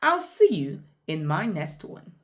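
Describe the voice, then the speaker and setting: Slow, lively-voiced woman teaching pronunciation. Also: lowish voice. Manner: deliberate, emphatic example sentences. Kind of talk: slow explanatory lesson.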